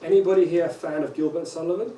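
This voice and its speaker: A man, a rabbi, giving a lively conference lecture to teachers and often checking in with "right?" and "okay?". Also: a little high, racing. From England. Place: large lecture hall. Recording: echoey hall, distant mic, faint hum.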